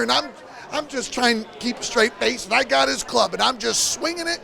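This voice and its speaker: A man telling a prank story in a lively way and acting out the lines of the people in it. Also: very high voice, fairly quick, creaky, some chatter behind. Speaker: party guest telling a story. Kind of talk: animated storytelling.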